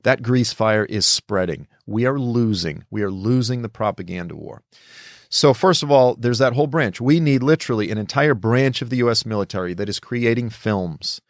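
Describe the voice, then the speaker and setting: An author and commentator, a middle-aged American man, delivers impassioned political commentary in a mid-range voice at a moderate pace. He's emphatic and preachy, raising his voice to act out quotes. The recording is studio quality with no echo.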